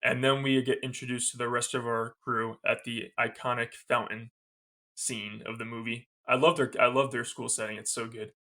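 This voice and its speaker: Bright-voiced, gushing male podcaster. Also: medium pitch, little pitch movement, moderate pace. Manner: enthusiastic, gushing fan retelling scenes; loose and rambling, with many fillers. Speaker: podcast co-host. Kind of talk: casual movie review recap.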